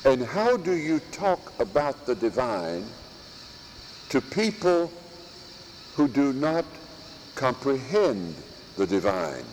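A priest preaching a sermon in slow, emphatic phrases, with long pauses and pointed rhetorical questions. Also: male voice, mid-range voice, very animated, a little mellow, in a large hall, a little hiss or hum, rough recording. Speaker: priest teaching at a monastery. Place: church or monastery chapel.

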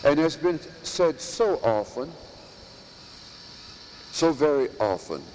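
A priest preaching a sermon in slow, emphatic phrases, with long pauses and pointed rhetorical questions. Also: male voice, a little high, very animated, a little mellow, big-room sound, slight background noise, rough recording. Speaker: priest teaching at a monastery. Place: church or monastery chapel.

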